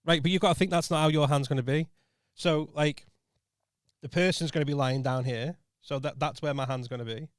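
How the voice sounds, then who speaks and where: A man's voice: on the high side, steady tone, fairly quick, no room sound, studio quality. A man co-hosting a podcast, bluntly teasing and rambling with many restarts. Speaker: podcast co-host. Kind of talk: casual chat.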